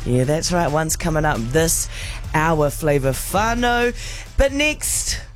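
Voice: mid-range voice, very animated, takes it slowly. An upbeat breakfast radio host from New who talks through promos and giveaways. Faint music plays underneath. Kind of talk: casual radio chat. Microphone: studio microphone.

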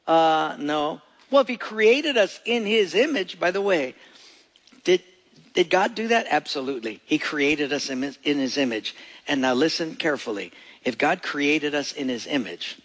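Gravelly, folksy preacher man. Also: a little high, animated, unhurried, fairly bright tone, big-room sound, low-quality recording. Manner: folksy storytelling, asks the audience questions. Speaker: pastor. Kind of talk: sermon.

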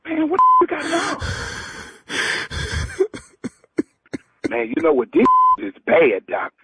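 A man on a phone call, loud and exasperated, swearing as he argues. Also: very high-pitched, wildly swooping pitch, takes it slowly, breathy edge, dry recording. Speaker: prank call target. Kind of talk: phone conversation.

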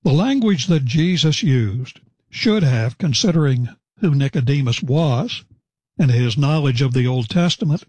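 A man preaching verse by verse, explaining scripture in a measured, deliberate way with pauses. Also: medium pitch, animated, a little mellow, breathy edge, dry recording. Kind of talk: verse-by-verse Bible teaching.

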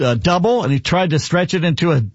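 A man's voice: on the high side, quick pace, no room sound, dull audio. A man hosting a sports talk radio show, rambling and opinionated as he tells stories and gives scores. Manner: rambling, opinionated, lively storytelling. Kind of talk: casual sports radio chat. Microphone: studio broadcast mic.

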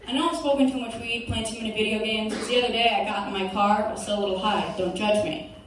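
A woman's voice: fairly high pitch, steady tone, quick pace. A woman doing a stand-up set, confessional and laughing at her own jokes. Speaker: stand-up comedian. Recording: far-off mic in a very echoey noisy club.

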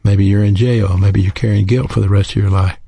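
A man preaching in an earnest, teaching manner, his low voice gravelly and husky. The tone is dark and mellow, and the sound is close and dry with no room around it. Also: steady tone, a little fast, no echo. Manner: earnest, teaching, spells out words. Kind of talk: sermon.

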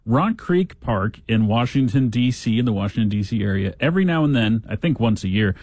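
A man's voice: mid-range voice, lively intonation, brisk, darkish tone, dry recording, studio quality. A man hosting a talk show, giving casual news commentary with sarcastic, joking asides.

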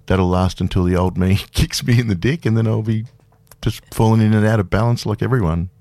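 A man's voice: fairly low pitch, a little fast, warm tone, no echo. A man in his fifties, a guest speaking candidly and self-deprecatingly in a casual radio interview, laughing easily. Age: 50s. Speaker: guest performer.

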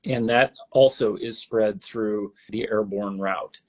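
Low, husky male epidemiologist, measured explainer, dull lo-fi interview audio. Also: steady tone. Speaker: state epidemiologist. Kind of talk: interview answers.

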